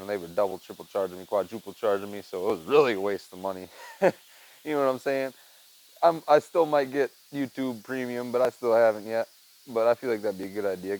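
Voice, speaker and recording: A man's voice: on the low side, a little mellow, low-quality recording. A tired man hosting a casual podcast on his own, rambling loosely and swearing, with "man" and "dude" dropped all through. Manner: rambling, laid-back, swears, says "man" and "dude" often. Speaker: podcast host. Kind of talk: casual solo chat. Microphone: headset mic.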